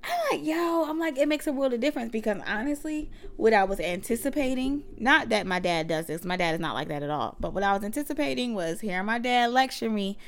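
A woman's voice: mid-range voice, moderate pace. A woman of about thirty hosting a faith podcast, chatting casually and using slang as she talks straight to her listeners. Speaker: podcast host and mother.

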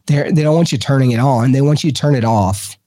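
Lively man telling stories. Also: fast talker, no room sound. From Texas. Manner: animated, pitch jumps up high for emphasis. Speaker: guest, paranormal investigator. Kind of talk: casual storytelling.

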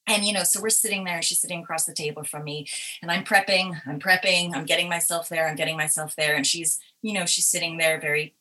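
A woman's voice: fairly low pitch, quick pace. A woman guest, an actress, telling stories animatedly with frequent restarts and ready laughter. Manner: expressive, restarts often, laughs readily. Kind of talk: animated conversational storytelling.

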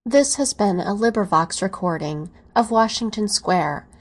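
Volunteer audiobook narrator, a woman with a mid-range voice and even, measured reading. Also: medium pitch.

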